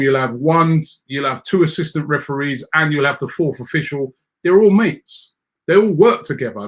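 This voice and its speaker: A man hosts a football fan show and reads out viewer comments. He rants in an animated, exasperated way, stumbling over repeated words as he gets worked up. His voice sits a little higher than most men's. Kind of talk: animated casual rant.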